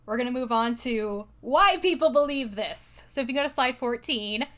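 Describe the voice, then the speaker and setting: A young woman co-hosting a casual podcast, chatty and quick to laugh, with lots of fillers as she walks through her slides. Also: fairly high pitch, a bit bright. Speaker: podcast co-host presenting slides. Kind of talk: casual chat.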